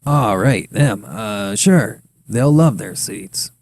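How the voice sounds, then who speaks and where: A gruff, impatient president barks short, offhand replies, as a male narrator plays him. The voice is low, gravelly and dark, with a scowling, dismissive manner in a read-aloud story. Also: lively intonation, slow pace. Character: grumpy impatient old trillionaire president.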